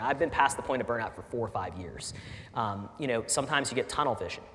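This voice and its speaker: A man's voice: mid-range voice, fast talker. A middle-aged man, a startup founder, speaking candidly and with feeling to an audience, often restarting his sentences. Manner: earnest, animated, frequent restarts and fillers. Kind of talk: candid talk at a fireside chat. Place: large lecture hall with audience. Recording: echoey hall with faint ambience.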